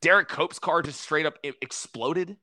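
A young man hosting a casual racing chat, excited and swearing freely. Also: fairly high pitch, normal speed, dry recording, studio quality. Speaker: podcast host.

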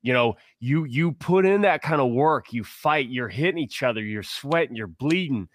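A man's voice: medium pitch, animated, normal speed, no echo. Man, sports talk co-host, passionate, rambling, restarts a lot, dry close recording. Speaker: podcast co-host.

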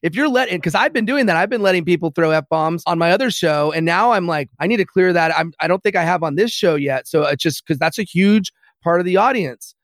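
A man's voice: high-pitched, animated, fairly quick, hardly any pauses, fairly bright tone, dry recording, clean studio sound. A man hosting a podcast interview, enthusiastic and turning to address his listeners directly. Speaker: podcast host.

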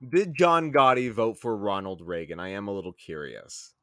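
A man co-hosts a podcast in casual chat, swearing a lot and growing exasperated, with his voice jumping up in pitch whenever he gets worked up. His delivery is sing-song, bright and forceful at a moderate pace, recorded in a clean studio with no room sound.

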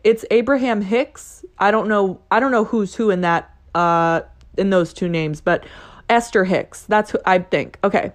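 A woman's voice: medium pitch, a little slow. Chatty, cussing young woman podcaster. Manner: chatty, profane, playful, mimics excited voices. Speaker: podcast host. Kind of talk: casual solo podcast talk.

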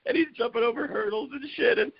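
A man hosting a podcast, telling a story in a loose, animated way, swearing often and laughing mid-sentence, on a dull lo-fi recording. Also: extremely high pitch, fast, vocal fry, breathy edge. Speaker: podcast host. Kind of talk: casual storytelling chat.

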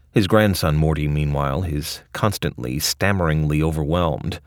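A man's voice: extremely low pitch, normal speed, few pauses, no room sound, clean studio sound. A man narrating a scripted audio essay with a wry, ornate delivery.

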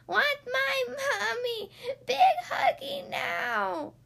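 A woman putting on a tiny storybook baby girl, bawling and clingy, her voice pitched way up and stretched out into slow, shrill cries. The wail stays high and tearful throughout. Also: vocal fry, bright, forceful tone, full character voice. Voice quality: shrill, crying.

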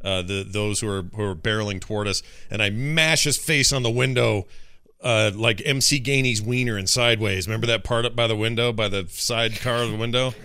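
A man playing a tabletop game, animated and joking as he talks through his character's actions. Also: on the low side, brisk, clear, resonant tone, no echo. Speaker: player. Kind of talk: casual tabletop play.

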